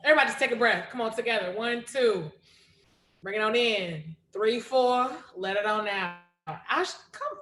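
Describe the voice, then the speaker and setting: Lively woman hosting a poetry stream. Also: fairly high pitch, moderate pace. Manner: lively, slangy, hypes the audience. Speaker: host of reading series. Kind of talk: casual live-stream hosting. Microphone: video call.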